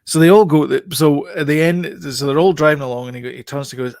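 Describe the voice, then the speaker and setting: A man's voice: fairly high pitch, fairly even intonation, quick pace, gravelly, hardly any pauses, darkish tone, no echo, studio quality. A man co-hosting a casual film review chat, rambling with many fillers and restarts.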